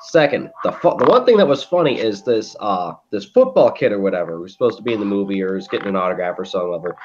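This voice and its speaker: A man co-hosting a podcast, telling a story in a profane, animated way and acting out quotes. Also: lowish voice, fast, muffled recording, slight background noise. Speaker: podcast co-host. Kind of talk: casual chat.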